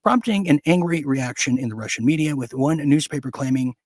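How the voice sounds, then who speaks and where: Husky-voiced sarcastic male news host. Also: medium pitch, animated, a little fast, a little mellow, dry recording. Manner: sarcastic, ranting asides between read headlines. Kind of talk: opinionated news commentary.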